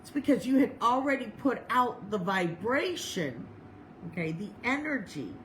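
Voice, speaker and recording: Woman chaplain, casual storytelling preacher, laughs a lot, higher voice, faint background hiss. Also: low-quality recording. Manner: bubbly, laughs often, animated impressions; slow, measured recitation of prayers and scripture. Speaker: chaplain and reverend leading a service.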